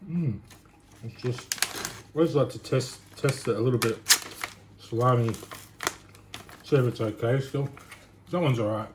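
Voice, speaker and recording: A man chatting casually while cooking in his home kitchen, rambling and thinking out loud. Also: medium pitch, normal speed, long pauses. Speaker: home cook vlogger. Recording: noisy home recording.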